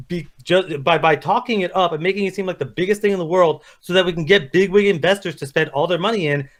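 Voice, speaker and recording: Fast-talking high-voiced man. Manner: fast, animated, acts out characters in quotes. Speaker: podcast co-host. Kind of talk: casual movie review chat.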